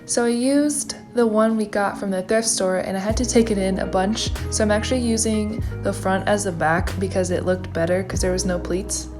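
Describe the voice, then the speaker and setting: Over music, a young woman narrates her sewing project for a casual vlog in a medium-pitched voice at a moderate pace with few pauses. She's chatty and upbeat, adding giggly asides.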